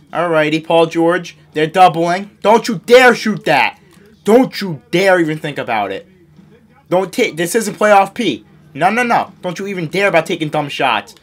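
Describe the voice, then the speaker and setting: A young man giving excitable live commentary on his own basketball video game, scolding his teammates and mocking himself. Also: fairly high pitch. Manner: excitable, yells and laughs at big plays. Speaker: gaming YouTuber.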